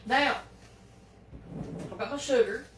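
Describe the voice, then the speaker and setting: In this chatty cooking demo, a woman vlogger speaks slowly in a high-sitting voice, chatting folksily with viewers and fretting whenever she fumbles. She is recorded from a distance in an echoey home kitchen, with a noisy background and pans clattering.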